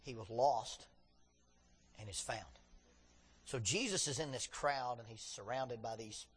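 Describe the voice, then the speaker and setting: A man's voice: mid-range voice, expressive, a little slow, a bit bright, slightly rough, long reverb tail. A man preaching a sermon in a conversational way with joking asides, reading scripture with drama. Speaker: pastor.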